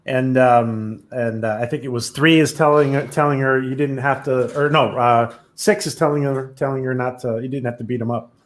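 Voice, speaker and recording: A man's voice: mid-range voice, steady tone, moderate pace, few pauses. A male host of a casual live stream, reading viewers' questions aloud in an upbeat way.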